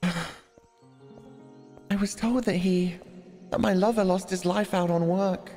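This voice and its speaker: A man's voice: high-pitched, steady tone, slow, a little mellow, long reverb tail, faint music behind, pitched above the performer's own voice. A man voicing a determined young woman who searches for her lost lover, reading a visual novel aloud. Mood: resolute.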